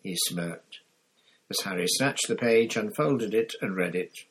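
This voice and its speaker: A man narrating a story in a measured storytelling manner, voicing each character. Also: lowish voice, fairly bright tone, breathy edge, rough recording. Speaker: audiobook narrator. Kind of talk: scripted narration.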